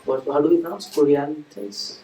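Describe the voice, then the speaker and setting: Warm and steady in tone, a man's rather high voice moves at a normal speed through a devotional lecture for a live audience. He keeps it conversational, questioning the crowd and dramatizing little scenes, and the sound comes from a distant mic in an echoey temple hall with a faint ambient hum.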